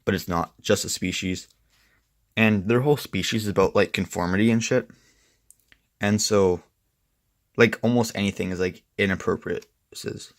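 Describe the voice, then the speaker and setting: Low gravelly young man rambling. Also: fairly even intonation, normal speed, pauses often, no room sound, clean studio sound. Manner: rambling, profane, filler-heavy. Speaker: comic book reviewer. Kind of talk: casual review chat.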